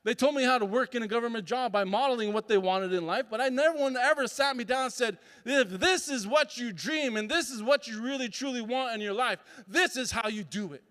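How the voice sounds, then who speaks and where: A man's voice: very high-pitched, a little fast, hardly any pauses, a bit bright. A man giving a motivational talk as a summit speaker. He tells stories and acts out voices and sounds. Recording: reverberant hall.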